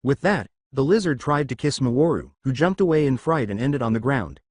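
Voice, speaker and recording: A man narrating a fan fiction story in an animated storytelling manner. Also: mid-range voice, a little fast, hardly any pauses, no room sound, studio quality.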